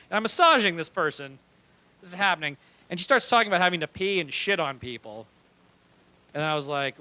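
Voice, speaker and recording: A man's voice: sits high, animated, quick pace, bright, forceful tone, smooth, dry recording, low-quality recording. A young man doing stand-up comedy on a small club stage, telling a rambling story animatedly and laughing at his own lines.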